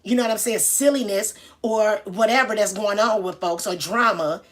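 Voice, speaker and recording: A woman's voice: mid-range voice, moderate pace. A woman telling a story casually and greeting viewers as she goes. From Detroit. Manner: chatty, shouts out viewers mid-story. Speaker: vlogger.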